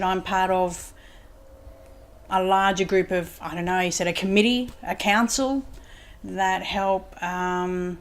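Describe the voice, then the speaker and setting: Rambling woman telling a story. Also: mid-range voice. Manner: rambling, retells conversations with "he said" quotes. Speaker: psychic medium guest. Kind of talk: casual storytelling interview. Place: home lounge room.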